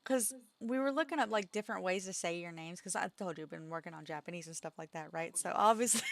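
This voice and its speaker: A woman's voice: on the low side, quick pace, gravelly, dry recording. A woman co-hosting a game stream from home, telling a rambling story in casual chat and breaking into giggles. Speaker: streamer co-host.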